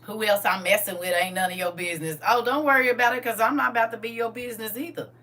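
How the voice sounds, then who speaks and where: Sassy, blunt woman with a bright voice. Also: a little high, fairly even intonation, fast. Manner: blunt, sassy and emphatic, laughs often. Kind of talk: candid casual chat.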